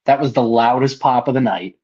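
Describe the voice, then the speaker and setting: A man's voice: medium pitch, fairly quick, slightly rough, dull audio. A man co-hosting a podcast, telling stories in casual chat with plenty of swearing. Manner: animated, profane storytelling with loud acted quotes. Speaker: podcast co-host.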